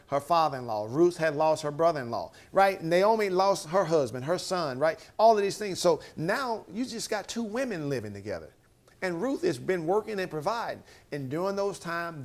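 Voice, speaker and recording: A male motivational speaker giving a conversational Bible teaching, emphatic and repeating phrases with frequent "right?" checks. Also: on the high side.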